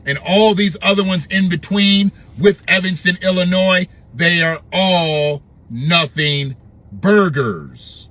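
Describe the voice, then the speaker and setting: A man's voice: high-pitched, slow, fairly bright tone. A man commenting on news clips in a blunt, sarcastic way, mocking what he hears with repeated questions.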